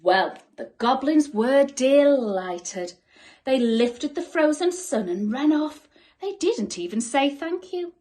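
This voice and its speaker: A woman teacher reading a bedtime story expressively and sometimes dropping to soft whispers. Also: sits high, lively intonation, slow pace. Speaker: school teacher.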